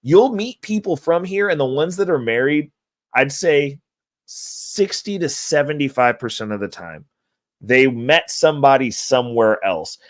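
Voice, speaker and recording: A man spins long, profane stories in a loose, chatty way, breaking into laughter here and there. His voice sits in an ordinary middle pitch. The sound is close and dry, with no room around it. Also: a little slow, no echo. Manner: profane, laughing, animated storyteller. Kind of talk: casual storytelling chat.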